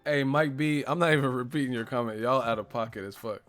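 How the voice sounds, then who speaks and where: A man's voice: medium pitch, quick pace, fairly bright tone, soft background music. A man hosting a casual live stream, telling stories animatedly with lots of slang and profanity, often laughing and acting out movie lines. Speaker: host of a live boxing stream.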